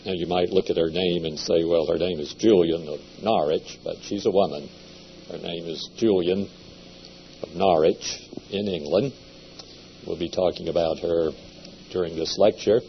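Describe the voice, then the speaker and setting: A man giving a seminary lecture in a measured, deliberate way, with occasional hesitations. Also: sits low, steady tone, vocal fry. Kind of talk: classroom lecture. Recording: dull lo-fi lecture recording with faint hum.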